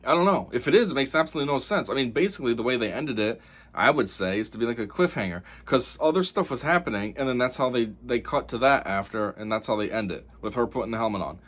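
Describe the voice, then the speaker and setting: A man's voice: mid-range voice, expressive, quick pace, a bit bright. Rambling, exasperated male reviewer. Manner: rambling, exasperated, full of fillers. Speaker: TV episode reviewer. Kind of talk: casual spoken review.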